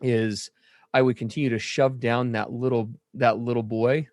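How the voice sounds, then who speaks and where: A man co-hosting a podcast who speaks earnestly and reflectively to listeners in recovery. His voice sits at a medium pitch. The recording is close and dry, with no trace of the room. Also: little pitch movement, normal speed, a little mellow, no room sound. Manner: earnest, reflective, self-deprecating. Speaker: podcast co-host, works with men in recovery. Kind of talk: casual conversation.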